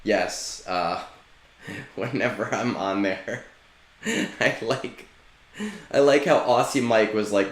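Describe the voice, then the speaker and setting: A male game streamer talks casually in a lowish voice, loose and swearing freely. His voice carries a noticeable room echo, as if he sits in a bare space. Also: expressive, slow pace, pauses often. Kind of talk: casual live-stream chat.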